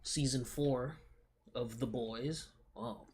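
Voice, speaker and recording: A man's voice: medium pitch, takes it slowly, darkish tone, slight background noise. A young man streaming, chatting casually in a laid-back, rambling, slangy way. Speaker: livestreamer. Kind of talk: casual livestream chat.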